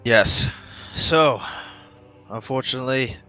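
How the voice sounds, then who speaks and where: A man's voice: mid-range voice, slow, pushed and bright, smooth, soft background music. A man doing a blunt older master of arms. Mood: stern.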